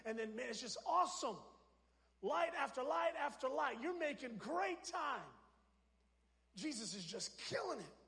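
A man preaching a sermon as pastor, energetic, swinging between loud shouted lines and soft drops. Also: high-pitched, in a large hall. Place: church sanctuary.

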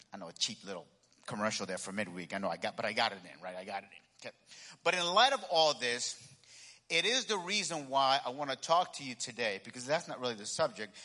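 A male pastor preaching a sermon with animated delivery and call-and-response asides. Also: high-pitched, long reverb tail.

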